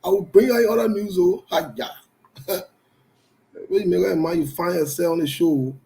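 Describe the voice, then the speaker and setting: A man's voice: high-pitched, steady tone, normal speed, gravelly, warm tone. A man hosting a live call-in talk show, stern and preachy, repeating his warnings and laughing between them.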